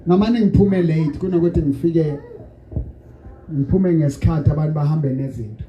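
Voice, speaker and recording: A man's voice: fairly high pitch, a little fast, lo-fi sound. A man preaching and leading a church service, switching languages and guiding the congregation through call-and-response prayer. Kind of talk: sermon and led prayer. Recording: echoey noisy church hall.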